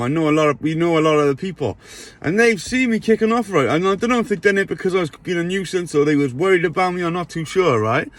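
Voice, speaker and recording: A man telling a rambling storytime monologue, often checking in with his listener. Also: a little high. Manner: rambling, checks in with "right?" tags.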